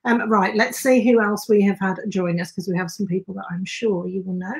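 A woman's voice: medium pitch, fairly even intonation, a little fast. A woman hosting a live video chat, greeting viewers by name and reading out their questions. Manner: reads out viewer names and questions. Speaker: host. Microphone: video call.

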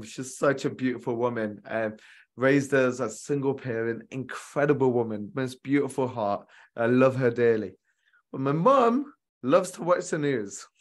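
Male relationship coach, mid-range voice, earnest motivational delivery, repeats lines for emphasis. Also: medium pitch. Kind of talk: motivational coaching talk to viewers.

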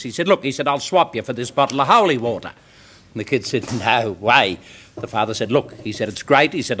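A man's voice: mid-range voice, a bit bright, slightly rough. An older Australian man telling folksy jokes on a TV variety show, slipping into characters' voices. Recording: TV studio with audience. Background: studio audience laughter.

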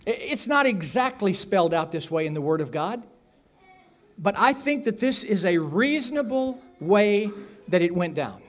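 Speaking at normal speed in a very animated way, a man with a high voice preaches from a church sanctuary. The pastor narrates a story, voicing its characters, and questions his congregation along the way.

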